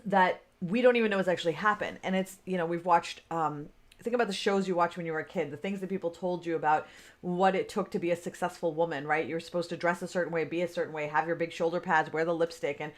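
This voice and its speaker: A woman's voice: lowish voice, fairly even intonation, fast. A woman in her forties, a business coach, talking off the cuff on a livestream, chatty, with lots of fillers, greeting viewers by name. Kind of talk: unscripted livestream talk.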